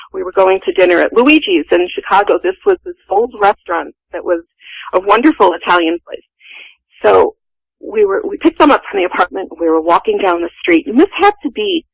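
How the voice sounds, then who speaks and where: Woman, sixties, gravelly voice, dry close sound, earnest storyteller. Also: mid-range voice, no room sound, poor audio. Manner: earnest, vivid retelling. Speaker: guest telling a personal story. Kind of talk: first-person storytelling.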